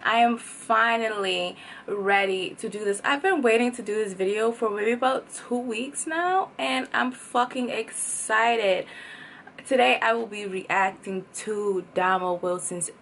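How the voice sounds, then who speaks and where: A woman hosting a reaction channel, talking in an excited, casual way. She repeats herself and swears freely. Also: medium pitch, measured pace, slight background noise. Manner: gushing, repetitive and profane. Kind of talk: excited casual vlog talk.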